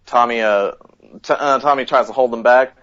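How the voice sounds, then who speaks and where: A man's voice: mid-range voice, normal speed. Man, podcast host, casual chat, acts out quotes, muffled lo-fi recording. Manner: animated retelling, acts out quotes. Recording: dull lo-fi podcast audio.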